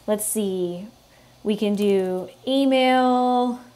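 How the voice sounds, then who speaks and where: A woman hosting a software tutorial, explaining each step in a relaxed way and thinking aloud with fillers as she works. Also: mid-range voice, very slow. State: has the hiccups. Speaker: tutorial host. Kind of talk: screen-recorded software tutorial.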